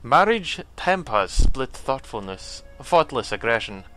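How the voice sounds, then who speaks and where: A man straining into a harsh, loud alien trader. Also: medium pitch, very animated, unhurried, a little hiss or hum. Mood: proud. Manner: clipped, proud warrior speech. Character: brusque male alien trade agent. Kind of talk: game dialogue read-aloud.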